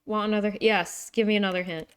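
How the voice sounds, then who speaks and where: A young woman streaming a game live, chatting excitably with her viewers. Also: medium pitch, quick pace, clear, resonant tone. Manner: chatty, excitable, talks to chat. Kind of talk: casual live-stream chat.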